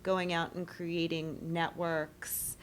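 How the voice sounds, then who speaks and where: Middle-aged woman from Maryland, guest, chatty, lowish voice, faint rumble. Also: level tone, slow pace. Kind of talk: casual interview chat.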